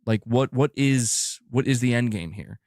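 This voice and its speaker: A man ranting defensively to his viewers, stumbling and repeating words as he tries to make his point. His pitch is ordinary for a man. The recording is dry, with no room echo. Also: measured pace, darkish tone. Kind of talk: defensive personal rant to camera.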